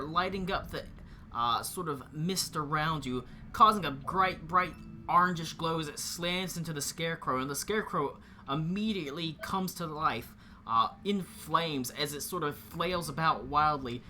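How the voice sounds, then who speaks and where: Very bright-voiced game master. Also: male voice, on the high side, slight background noise. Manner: halting, full of fillers and restarts. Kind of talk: narrating a tabletop game.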